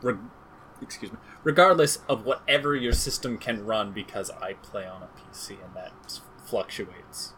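A man with a bright, forward voice runs through game update notes on a casual podcast. He jokes and rambles, poking fun at himself and his co-host. A faint hum of background noise sits under the recording. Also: lowish voice, normal speed. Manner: joking, rambling, self-deprecating. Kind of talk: casual chat reading game patch notes.

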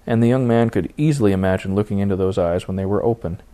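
A man reading a novel aloud as its narrator, in steady storytelling. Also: on the low side, quick pace. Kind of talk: audiobook narration.

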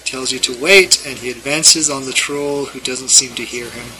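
A man's voice: mid-range voice, fairly even intonation, normal speed, bright, forceful tone, slight background noise, poor audio. A man running a tabletop game from a gamebook, narrating in a dry, amused way. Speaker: game master reading a gamebook.

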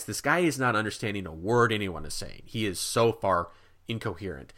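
Man, podcast co-host, casual storytelling, animated, full of asides. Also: on the low side, brisk. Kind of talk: casual chat, telling a story.

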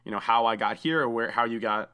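A man's voice: mid-range voice, fast talker, sharp tone, clear, resonant tone. A man hosting a casual podcast, chatty and enthusiastic, saying dude a lot. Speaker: podcast host.

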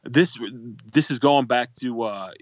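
A man co-hosting a casual podcast, telling stories in a profane, animated way. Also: mid-range voice, measured pace, no echo, lo-fi sound. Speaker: podcast co-host.

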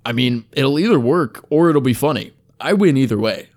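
A cocky, carefree young adventurer, as a male narrator voices him, breezy and joking, raising his voice into bright, overcheerful sermonizing. The pitch bounces around a lot. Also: animated, moderate pace, close to an everyday voice. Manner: breezy, joking, overly cheerful.

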